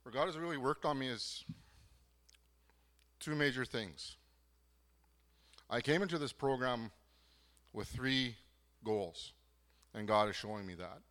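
A man from southern Manitoba gives a personal faith testimony, earnest and halting, with many pauses and restarts. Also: medium pitch, a bit bright, in a large hall. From southern Manitoba, Canada. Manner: earnest, moved. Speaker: program participant giving testimony.

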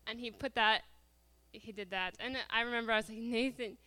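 A woman telling a lively personal story to a church congregation, laughing often as she goes. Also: on the high side, a little fast, smooth. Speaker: church speaker.

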